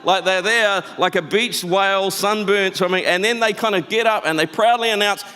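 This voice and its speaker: A man preaching a sermon as pastor, telling stories in an animated, conversational way. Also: high voice, normal speed, clear, resonant tone. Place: church auditorium. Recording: church hall reverb.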